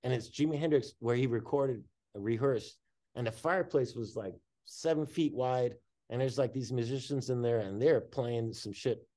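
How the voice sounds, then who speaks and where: Brief: man, mid-pitched, casual storyteller, slangy and swearing, animated pace. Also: moderate pace. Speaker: guest artist.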